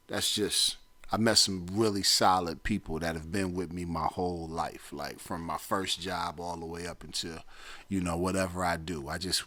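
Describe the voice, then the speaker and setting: A man's voice: deep voice, sharp tone. A man hosting a talk show, giving blunt, streetwise advice and repeating his points for emphasis. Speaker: podcast host.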